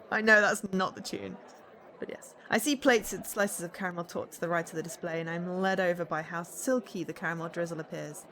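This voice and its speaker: A woman's voice: lowish voice, fairly even intonation, fairly quick, pushed and bright. Playful woman reading a game aloud. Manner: playful, laughing asides. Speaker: streamer. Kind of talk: reading a visual novel aloud with commentary.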